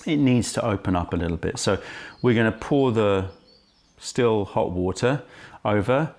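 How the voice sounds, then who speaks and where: A man's voice: on the low side, expressive, unhurried, darkish tone. Chatty, over-caffeinated man tasting tea. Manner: chatty, self-interrupting, apologetic asides. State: highly caffeinated. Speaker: tea shop owner and presenter. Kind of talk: casual tea-tasting vlog. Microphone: camera right in front of his face.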